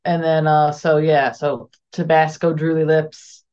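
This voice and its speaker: Woman, very low voice, rambling, lo-fi video call audio. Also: flat delivery, a little slow, a little mellow. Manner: hesitant, rambling with fillers. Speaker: tabletop game player. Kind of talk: casual chat.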